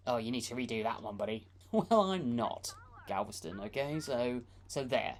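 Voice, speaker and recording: A woman's voice: extremely low pitch, lively intonation, moderate pace, a little hiss or hum. A woman from the United Kingdom co-hosting a film review with sarcastic, mocking commentary. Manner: dry, mocking asides, frequent laughs.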